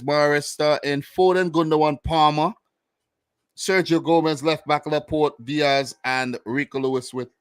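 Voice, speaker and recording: A man's voice: a little high, clean tone, no echo. A man from Saint Vincent with a Vincentian accent, co-hosting a casual football chat in a laid-back, slangy way. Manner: laid-back, slangy, slips into island dialect. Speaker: co-host.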